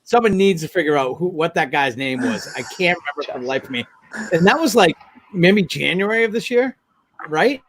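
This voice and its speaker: A man's voice: on the high side, animated, a little fast, fairly bright tone, no room sound. A man co-hosting a casual podcast, rambling and asking questions with hesitant restarts. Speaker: podcast co-host. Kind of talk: casual chat.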